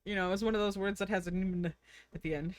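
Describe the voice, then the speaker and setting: A woman's voice: medium pitch, fairly even intonation, fast, no echo. A young woman streaming, chatting casually and giggling while she draws and reads chat. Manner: chatty, giggly, thinks aloud.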